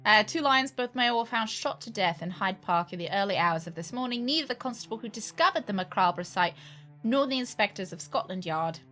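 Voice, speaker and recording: A woman's voice: mid-range voice, a bit bright. A woman streamer reading game text aloud, stumbling and correcting herself as she goes, with casual asides. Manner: chatty, stumbles and corrects herself mid-sentence.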